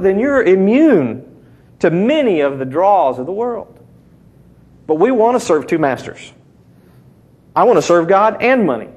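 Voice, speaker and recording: A middle-aged man preaching a sermon, talking conversationally and teasing the congregation with call-and-response. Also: high-pitched. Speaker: pastor.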